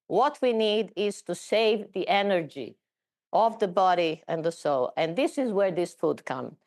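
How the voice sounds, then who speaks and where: A middle-aged woman telling her personal story in a conversational talk, often halting and repeating words. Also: on the low side, lively intonation, darkish tone.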